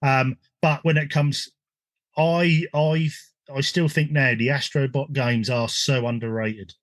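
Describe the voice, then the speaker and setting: A man's voice: medium pitch, steady tone, a little slow, no room sound. An English man hosting a casual gaming podcast, chatty, with frequent ums and restarts. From England. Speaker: podcast host.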